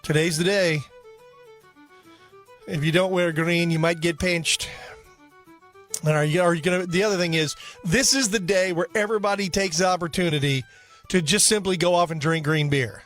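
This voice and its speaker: A man with a fairly high voice hosts a casual radio show. He rambles and jokes at his own expense while light music plays in the background. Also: fairly even intonation, normal speed, pauses often, a bit bright. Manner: joking, rambling, self-mocking. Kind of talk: casual talk radio chat.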